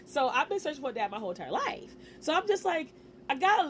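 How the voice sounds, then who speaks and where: A woman in her forties telling a personal story to camera in a casual, animated way, with slang and quick asides. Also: high voice, a little hiss or hum. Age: 40s. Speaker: vlogger.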